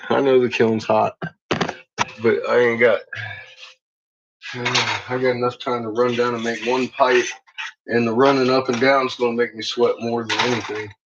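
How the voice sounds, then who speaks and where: A man chatting casually to his viewers in a workshop, laughing a lot and swearing freely as he tells animated stories. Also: medium pitch, moderate pace, pauses often, noisy background. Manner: laughing, profane, animated storytelling. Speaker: vlogger. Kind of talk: casual chat. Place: workshop with a kiln. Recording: muffled lo-fi recording.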